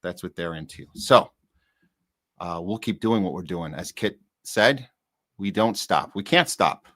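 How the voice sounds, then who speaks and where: A man's voice: low voice, expressive, a little slow, a bit bright. A man hosting a live talk podcast who thanks his guest and gives blunt commentary. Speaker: podcast host.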